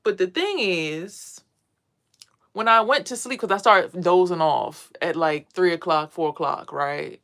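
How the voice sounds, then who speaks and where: In a lowish, fairly bright voice and at a slightly slow pace, a woman addresses her live chat viewers. She's a spiritual vlogger, blunt and profane, giving a casual monologue and telling stories with emphasis.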